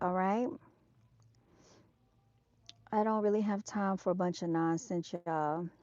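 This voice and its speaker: A woman's voice: mid-range voice, measured pace, pauses often, darkish tone, no room sound. Chatty woman live-streaming outdoors, lo-fi. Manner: chatty and direct, calls viewers "y'all". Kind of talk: casual live-stream chat. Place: outdoors at an evening motorcycle show. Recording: dull, dry lo-fi sound.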